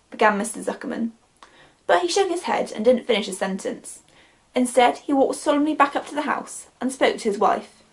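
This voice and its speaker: A woman teacher reading a children's book aloud to her class, expressive and storytelling. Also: fairly high pitch, a little fast, gravelly. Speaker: primary school teacher.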